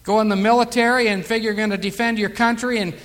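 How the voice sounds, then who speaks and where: A man leading a Bible study, chatting with his group and reading scripture aloud, slowly and loudly, with chuckles between verses. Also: sits high, fairly even intonation. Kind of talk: conversational sermon and scripture reading. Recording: long reverb of a hall.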